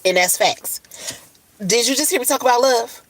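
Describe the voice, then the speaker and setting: On a livestream from her phone, a woman with a slightly high voice talks at normal speed, blunt and swearing freely. Tired and puffy-eyed from crying, she rambles about love and self-care, and the audio quality is poor.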